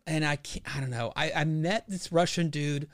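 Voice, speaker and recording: A man's voice: fairly high pitch, normal speed, no room sound. Podcast guy rambling about comics, swears a lot, dry close sound. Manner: rambling, profane, full of fillers and laughs. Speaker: podcast co-host. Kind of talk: casual chat about a comic book.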